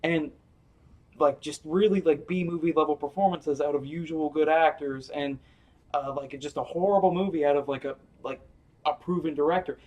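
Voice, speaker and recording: A man's voice: on the high side, steady tone, moderate pace, darkish tone, recorded from a distance, rough recording. A man chatting casually on a movie review podcast, thoughtful and questioning. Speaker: podcast co-host.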